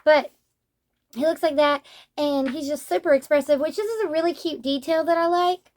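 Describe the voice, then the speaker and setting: A woman's voice: high-pitched, normal speed, darkish tone. A young adult woman talking casually as she reviews a manga, chatty and rambling, with lots of "like".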